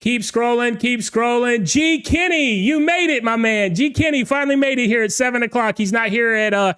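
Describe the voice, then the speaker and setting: Excitable high-voiced male livestream host. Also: a little fast, clear, resonant tone. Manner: excited, shouts greetings, rambling stutters. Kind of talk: energetic livestream hosting.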